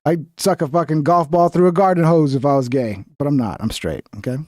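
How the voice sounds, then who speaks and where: A man's voice: a little high, a little fast, darkish tone, dry recording, studio quality. A young man streaming casual commentary over a video, rambling and profane, with conspiratorial asides.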